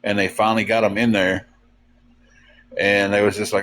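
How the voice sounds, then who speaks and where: Low-ish guy on a livestream, rambling folksy stories, lots of ums, kinda tired. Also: level tone, a bit bright, slight background noise. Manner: drawn-out, tired. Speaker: livestream co-host. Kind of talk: casual livestream chat, storytelling.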